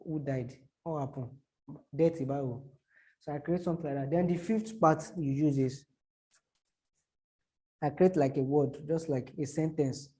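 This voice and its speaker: A man teaches online marketing in a halting, repetitive way. His voice sits fairly high but sounds mellow and soft-edged. He keeps breaking off to act out short examples. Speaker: social media marketing teacher. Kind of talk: explaining to a small audience.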